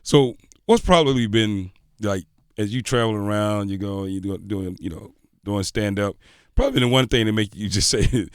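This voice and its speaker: A man co-hosting a sports talk show in studio, laughing often and reacting with lively interjections. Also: fairly low pitch, moderate pace, smooth, dry recording. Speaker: radio show co-host. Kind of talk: casual chat, interviewing.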